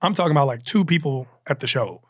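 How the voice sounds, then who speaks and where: A male comedian guest telling stories in a casual, animated chat, full of quick asides and restarts. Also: a little high, husky, dry recording, studio quality.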